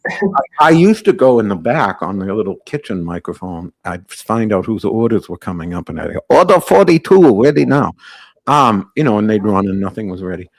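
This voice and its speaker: A man with a fairly low voice hosts a live call-in podcast. He rambles loosely from one aside to the next in a brash, joking tone. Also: lively intonation, a little fast. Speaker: podcast host.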